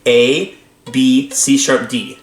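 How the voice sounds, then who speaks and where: An upbeat man teaches bowing in an instrument lesson, speaking at a middling pitch between bursts of violin. He counts aloud while he plays. The room is echoey, and the violin stays loud behind him. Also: steady tone, takes it slowly, over loud music. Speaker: string teacher. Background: violin playing.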